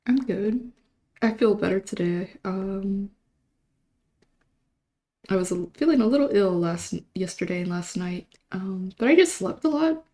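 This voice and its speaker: A woman's voice: medium pitch, lively intonation, a little slow, pauses often, dark tone. A young woman hosting a livestream, chatting casually in a rambling, self-deprecating way, her throat still a little sore. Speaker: livestream host. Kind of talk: casual chat.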